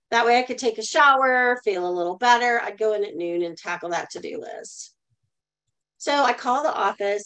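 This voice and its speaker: A woman's voice: mid-range voice, fairly bright tone, low-quality recording. Earnest woman telling her own story. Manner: earnest storytelling, asks the audience to type in the chat. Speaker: guest speaker. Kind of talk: personal story told in a live online talk.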